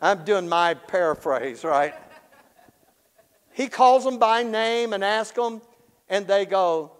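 A man teaching the Bible in an animated storytelling way, acting out the characters and chuckling often. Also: sits high, unhurried, clean tone, in a large hall, poor audio.

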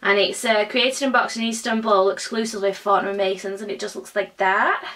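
A woman's voice: medium pitch, fairly even intonation, fairly bright tone, recorded from a distance. Bubbly young woman vlogging. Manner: bubbly and chatty, with drawn-out exclamations. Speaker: beauty vlogger. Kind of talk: casual unboxing chat.

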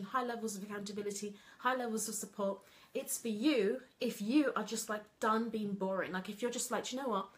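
A woman with a fairly high voice chats away to her live stream viewers as a coach. She is lively and bubbly, and she scatters casual fillers through her talk. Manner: lively, chatty, full of "like" and "you know". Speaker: coach running an online program.

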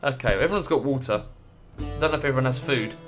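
A man's voice: mid-range voice, quick pace, music in the background. A man doing casual gameplay commentary, swearing freely and reading the game's text aloud. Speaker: gaming video creator.

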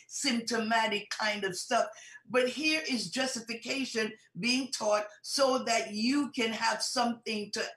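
A woman preaching a teaching sermon with a bright, forceful edge and a slightly high voice. She drives her points home with repetition and rhetorical questions. The sound rings out with the echo of a large hall. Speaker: bishop teaching a conference. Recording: roomy echoey hall sound.

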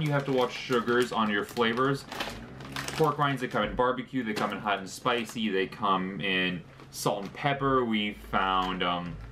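A man's voice: fairly low pitch, fairly bright tone, slight background noise. A young man talking casually through a snack review, chatty and joking, with fillers as he lists details. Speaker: vlogger.

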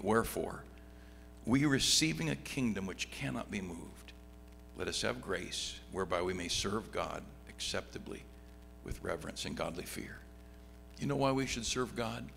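A middle-aged pastor teaching a Bible study, reading scripture aloud and swinging from loud excitement to quiet asides. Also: male voice, low-pitched, normal speed, creaky. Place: church sanctuary. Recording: long hall reverb, faint background hum.

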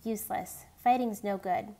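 A woman reading a gentle dying teenage boy aloud, soft and weak. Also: medium pitch, fairly even intonation, normal speed, lightly acted. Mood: weary.

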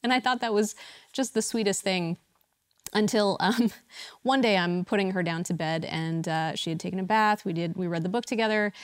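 A woman's voice: medium pitch, normal speed, clean tone, no room sound, studio quality. Woman giving a storytelling sermon. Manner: warm storytelling, laughs at herself. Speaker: church speaker.

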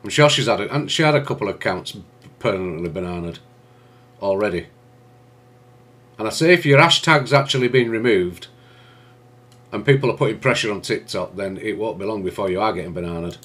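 A man reacting to clips on a live stream, blunt and sweary, quick to anger. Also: fairly low pitch, animated, fairly bright tone, slightly rough.

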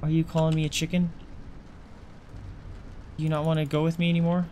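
A let's play gamer gives loose, joking commentary on his own horror game run, talking to the items he carries and admitting how easily he gets scared. His mid-range voice is monotone, a little fast and mellow, with a faint hiss behind it.

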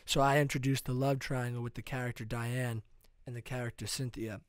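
Man, podcast co-host, deadpan absurd storytelling, mid pitch, dry close mic. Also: fairly quick, clean tone, dry recording. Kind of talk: casual comedic chat.

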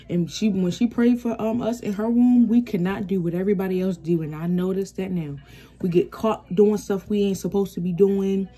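A woman's voice: mid-range voice, mellow, breathy edge. A young woman casually telling a storytime vlog, acting out quotes and laughing often.

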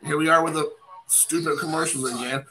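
A man's voice: fairly high pitch, steady tone, brisk, heavy background noise. A man hosting a casual card-opening stream, rambling and poking fun at himself while chatting with viewers. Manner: rambling, self-deprecating, chatty asides to viewers. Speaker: card collecting channel host.

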